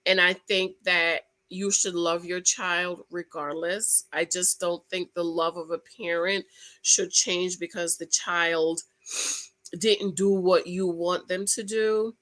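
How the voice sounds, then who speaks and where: A woman's voice: lowish voice, slow pace, rough recording. A woman vlogger giving casual, emotional commentary on a reality show and talking straight to her viewers. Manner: emotional and expressive, addresses viewers directly; animated, swings between loud excitement and quiet asides.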